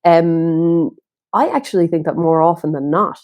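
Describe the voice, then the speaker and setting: Chatty Irish woman, lowish voice. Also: measured pace, darkish tone. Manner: chatty, with frequent "like" and "um" fillers. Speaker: podcast guest, brow artist. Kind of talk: casual chat.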